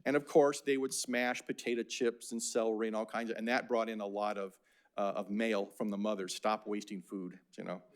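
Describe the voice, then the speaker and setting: A man's voice: lowish voice, fairly even intonation, fairly quick, clean tone. An older man from Phoenix giving a casual, anecdotal lecture about slides, with many fillers and restarts. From Phoenix, Arizona.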